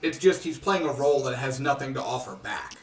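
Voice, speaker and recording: A man co-hosting a casual movie review podcast, joking and animated with playful rants. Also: medium pitch, fairly quick, vocal fry, far from the mic. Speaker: podcast co-host. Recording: echoey room, off-mic.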